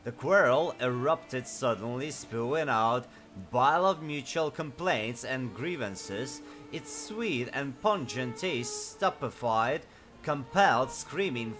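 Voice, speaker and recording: A man's voice: mid-range voice, a bit bright. A man who speaks natively, giving enthusiastic casual let's-play commentary and reading game texts aloud. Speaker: gaming streamer.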